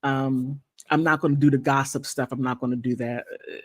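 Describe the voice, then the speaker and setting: A woman hosting a casual livestream, chatting playfully and thanking viewers, with high laughs and quiet, sincere asides. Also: steady tone, normal speed, breathy edge, no echo. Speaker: content creator hosting a livestream. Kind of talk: casual livestream chat reacting to gossip and viewer comments.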